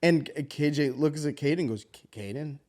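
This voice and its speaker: A man in his thirties co-hosting a podcast, telling a story in casual, profane chat and acting out the voices with big jumps in pitch. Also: brisk, darkish tone. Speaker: podcast co-host.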